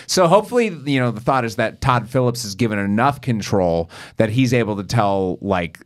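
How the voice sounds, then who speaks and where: A man with a somewhat low voice co-hosts a podcast in casual chat. He sounds laid-back and speculative, thinking aloud as he goes. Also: expressive, moderate pace. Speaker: podcast co-host.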